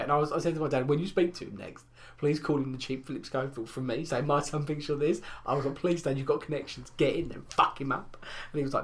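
A man's voice: medium pitch, fast, few pauses. A young man, telling rambling, crude stories in casual podcast chat. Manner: crude, rambling storyteller with lots of fillers. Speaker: podcast co-host.

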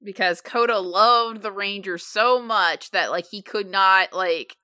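Bright-voiced woman, chatty with lots of "like". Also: medium pitch, smooth. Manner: chatty, leans heavily on "like", quick asides. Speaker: podcast co-host. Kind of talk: casual chat.

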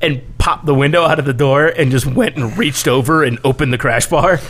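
A man's voice: fairly high pitch, fairly quick, slight background noise. A man co-hosting a podcast, telling stories in casual crude banter, swearing and laughing often. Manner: animated storyteller, swears freely, laughs often. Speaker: podcast co-host.

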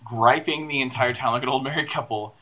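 A man's voice: medium pitch, fairly quick, bright, forceful tone, poor audio. Amused young male game master. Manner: dry, amused, reins players in. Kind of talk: casual tabletop game narration.

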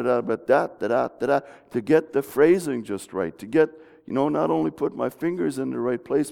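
A man's voice: medium pitch, gravelly, dark tone. A middle-aged man preaching a folksy, conversational sermon in a church, often restarting his sentences. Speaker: pastor. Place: church sanctuary. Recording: long reverb of a church hall.

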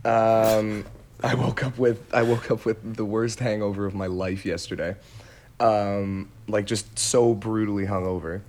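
A young man co-hosting a podcast chat, joking in a deadpan way with many fillers. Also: on the low side, measured pace. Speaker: podcast co-host. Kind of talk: casual chat. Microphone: remote recording.

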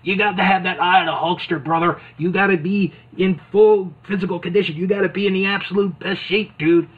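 A man doing a booming pushy wrestler coach. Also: fairly even intonation, brisk, husky. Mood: fired up. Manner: booming, calls everyone brother and dude. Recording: tinny phone-like sound.

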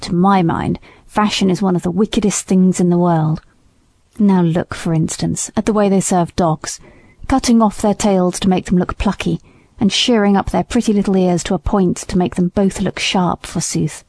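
Brief: indignant old male horse, low and hushed, mellow tone, dry read, as a woman narrator puts him on. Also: fairly even intonation, moderate pace, no room sound.

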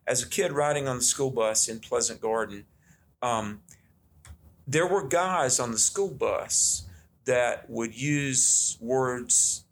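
Earnest man telling stories. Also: mid-range voice. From Southern United States. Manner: folksy, earnest storyteller. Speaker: guest. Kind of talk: conversational storytelling.

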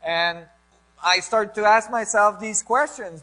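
A man explaining science ideas in a lecture style, halting and searching for words, with frequent restarts. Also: sits high, sharp tone, faint music behind. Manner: enthusiastic about the ideas. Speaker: speaker on physics and biology.

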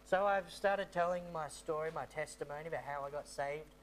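A man's voice: a little high, brisk, slight background noise. Rambling man telling a story. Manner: rambling, repeats himself, many fillers. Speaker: missionary. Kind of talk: storytelling testimony talk.

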